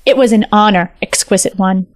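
A woman's voice: medium pitch, a little fast, no room sound, close to an everyday voice. A woman doing a brave, courteous fox hero. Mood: bashful. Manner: formal, courteous speech. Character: brave, honest young male fox in disguise.

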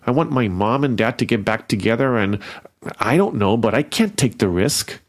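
A man's voice: mid-range voice, lively intonation, moderate pace. A man doing an anxious, tearful teen girl. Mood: distressed. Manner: distressed, pleading.

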